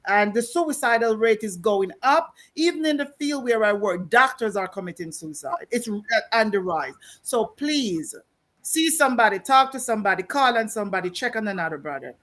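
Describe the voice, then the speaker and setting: A woman's voice: fairly high pitch, expressive, normal speed, fairly bright tone. A woman from the United States speaking as a panellist on a video call, earnest and emphatic, repeating her points. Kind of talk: panel discussion.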